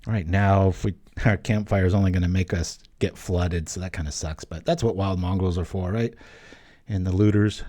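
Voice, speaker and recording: Man, low voice, mellow tone, jokey rambling game commentary. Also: steady tone, moderate pace. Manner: rambling, jokey, chatty asides. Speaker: gameplay commentator. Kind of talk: casual gameplay commentary.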